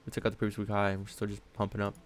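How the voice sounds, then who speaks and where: A man with a fairly low, monotone voice races through his words, with slight background noise. Live-streaming his day trading from his home trading desk with his dog on his lap, he talks casually, thinking aloud about chart levels and often throwing in "honestly" and "man".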